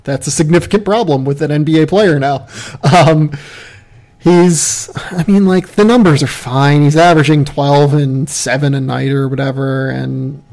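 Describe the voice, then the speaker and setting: Gravelly-voiced man talking basketball. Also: a little high, steady tone, moderate pace, a little mellow. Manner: casual, loose, laughs at himself. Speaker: podcast host. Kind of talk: casual basketball draft chat.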